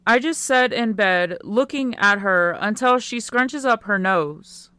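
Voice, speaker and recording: A woman narrating a first-person teen romance audiobook in a quiet, unhurried way. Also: mid-range voice, smooth, no echo.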